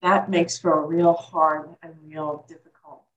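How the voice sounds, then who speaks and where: A woman with a lower voice, speaking thoughtfully as an interview guest. She often doubles her words mid-thought, in an unhurried conversational way. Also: little pitch movement, lo-fi sound. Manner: reflective, repeats words as she thinks. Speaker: guest, caregiving expert.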